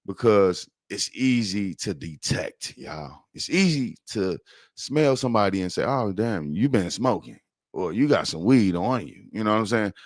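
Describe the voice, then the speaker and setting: Man, Chicago accent, lowish voice, dry close sound, casual profane rambling commentary, podcast host. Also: animated, unhurried, no room sound.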